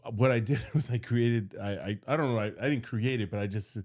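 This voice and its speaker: A man co-hosting a podcast, telling an embarrassing story in casual chat, halting and restarting as he goes. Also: mid-range voice, darkish tone. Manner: hesitant, halting, many restarts. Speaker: podcast co-host.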